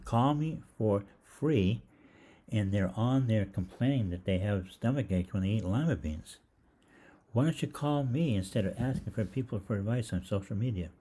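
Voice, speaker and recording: Husky low-voiced older man telling a story. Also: dark tone. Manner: chatty, acts out quoted voices, frequent ums and restarts. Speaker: holistic health program host. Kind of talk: casual rambling storytelling monologue.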